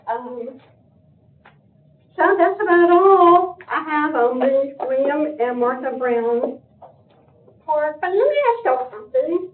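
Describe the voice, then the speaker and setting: A woman's voice: sits high, lively intonation, slow pace, long pauses. An older woman giving an emotional public comment at a county meeting, pleading with her voice breaking. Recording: echoey room, phone-like meeting audio.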